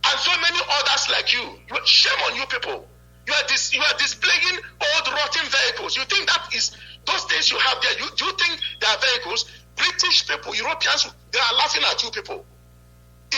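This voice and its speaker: Heated radio caller, scornful and repetitive, high and piercing. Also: moderate pace, sharp tone, faint music behind, poor audio. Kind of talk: impassioned call-in rant.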